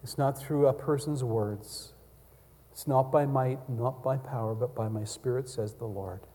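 A male pastor preaching a sermon and communion prayer, swinging from loud cries down to hushed near-whispers. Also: mid-range voice, a little slow, long reverb tail.

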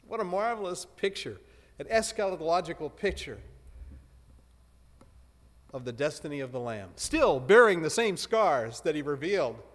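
A man preaching a sermon in a relaxed, conversational way, with joking asides. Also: on the high side. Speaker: pastor. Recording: long hall reverb.

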